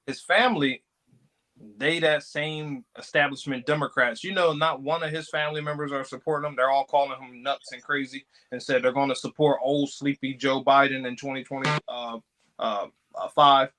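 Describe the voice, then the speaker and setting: Forceful, bright-voiced man telling political stories. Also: medium pitch, steady tone, normal speed, rough recording. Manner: storytelling, acts out quoted remarks. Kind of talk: casual political chat.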